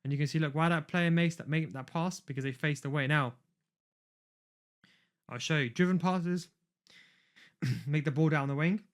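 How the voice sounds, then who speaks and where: A man's voice: fairly high pitch, normal speed, pauses often. A man giving a casual, rambling gameplay tutorial while he plays. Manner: rambling, chatty, talks while playing. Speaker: video game coach.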